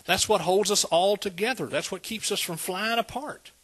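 A man's voice: high voice, moderate pace, fairly bright tone, breathy edge. A man preaching a sermon, conversational and calling out to the congregation. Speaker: pastor.

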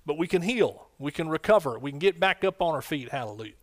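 A man preaching from the pulpit with exuberant energy. His voice sits somewhat high, and he breaks into sudden shouted exclamations. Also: expressive, fast talker. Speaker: pastor. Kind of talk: sermon.

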